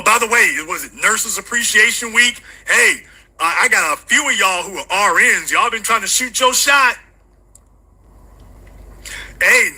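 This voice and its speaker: A man hosting a call-in livestream show, chatting casually with loud, teasing, comedic rants. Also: high-pitched, husky, low-quality recording. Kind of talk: casual live-stream chat.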